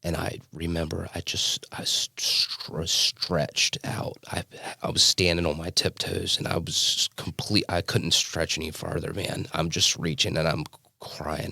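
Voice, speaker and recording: A man giving a personal testimony as a podcast guest, telling his story earnestly with halting restarts and fillers. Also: sits low, creaky, sharp tone, no echo. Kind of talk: personal testimony in a casual interview.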